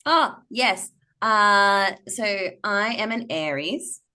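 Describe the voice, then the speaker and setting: A woman's voice: medium pitch, takes it slowly. A woman from Perth, a guest on a podcast, telling stories playfully and acting out little quotes with frequent laughs. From Perth, Australia. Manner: playful, animated storyteller who acts out quotes and laughs often. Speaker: burlesque performer, podcast guest. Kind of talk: casual interview chat.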